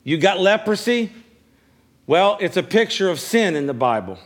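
Male pastor, fairly high voice, preaching to a congregation; repeats phrases, stammers a little on restarts. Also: very animated, normal speed. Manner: preaching with call-and-response questions. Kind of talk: sermon. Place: church service.

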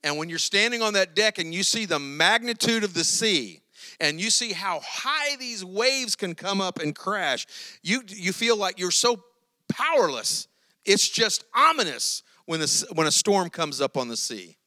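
Bright, high-voiced male preacher. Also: unhurried, no echo. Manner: animated storytelling preacher. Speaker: pastor. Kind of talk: sermon.

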